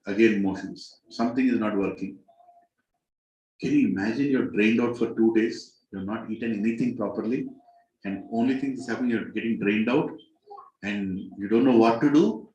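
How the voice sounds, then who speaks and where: A man with an Indian English accent telling a dramatic story to a group as a spiritual teacher, his voice climbing high and loud at the tense moments. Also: normal speed, reverberant, low-quality recording. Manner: dramatic, rises sharply in pitch and volume at tense moments.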